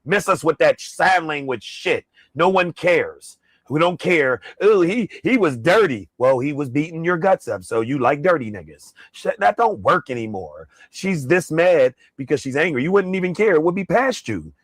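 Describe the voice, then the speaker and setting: A man's voice: a little high, lively intonation, moderate pace, few pauses, fairly bright tone, dry recording. A man in a played clip, ranting in a heated, mocking way and swearing heavily. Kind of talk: ranting reaction commentary.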